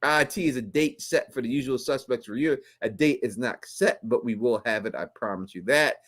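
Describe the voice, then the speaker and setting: A man's voice: medium pitch, a little fast, a bit bright. A man hosting a live stream, explaining fan theories at length with many restarts. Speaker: host.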